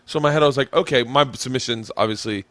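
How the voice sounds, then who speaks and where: A man hosting a podcast, chatting in an animated, profane way and laughing often. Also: medium pitch, quick pace, dry recording. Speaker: podcast host. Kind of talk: casual podcast chat. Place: home podcast room.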